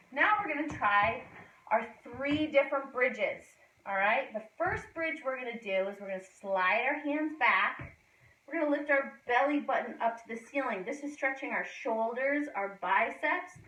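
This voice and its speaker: In an indoor gym, a woman gymnastics instructor demonstrates moves for a children's class, giving encouraging, sing-song cues. Her voice is on the high side and a bit bright, with the highs cut off, recorded from a distance in the echoey gym.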